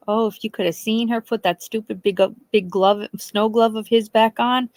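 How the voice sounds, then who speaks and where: A woman's voice: medium pitch, fairly even intonation, normal speed, no echo. Chatty, foul-mouthed woman telling stories. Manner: chatty, swearing, laughing, acts out quoted people. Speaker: host. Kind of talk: casual storytelling on a live stream.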